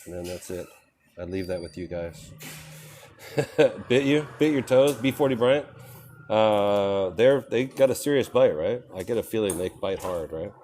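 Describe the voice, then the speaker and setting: Chatty low-voiced man live-streaming. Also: animated, a little slow, darkish tone, slight background noise. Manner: chatty, talks to animals and viewers, laughs often. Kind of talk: casual live-stream chat while walking. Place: small shop and street outdoors.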